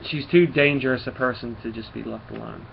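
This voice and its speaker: A man's voice: medium pitch, steady tone, brisk, gravelly, muffled recording, a little hiss or hum. Rambling man recapping a comic. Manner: rambling, full of fillers and restarts. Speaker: comic book reviewer. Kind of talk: casual comic book recap.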